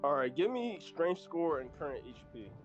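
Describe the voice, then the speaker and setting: A man's voice: a little high, sing-song, moderate pace, faint music behind. Hesitant player man on a dull mic. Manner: hesitant, stops and restarts with many fillers. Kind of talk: playing a tabletop game.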